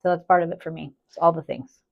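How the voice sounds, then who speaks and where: Female co-host, lowish pitch, casual and profane, animated storyteller. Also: quick pace, gravelly, muffled recording. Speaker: podcast co-host and therapist. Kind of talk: casual chat.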